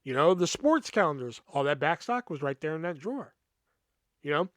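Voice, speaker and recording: A man's voice: fairly high pitch, sing-song, moderate pace, fairly bright tone, no room sound. A man hosting a podcast, telling a personal work story in a heated, profane way, full of fillers. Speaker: podcast host.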